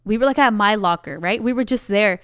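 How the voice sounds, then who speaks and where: A woman's voice: mid-range voice, a little fast, clear, resonant tone, no room sound, studio quality. A young Mexican-American woman co-hosting a casual chat, telling stories with lots of quoted dialogue. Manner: chatty storyteller, animated quoting. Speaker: podcast co-host.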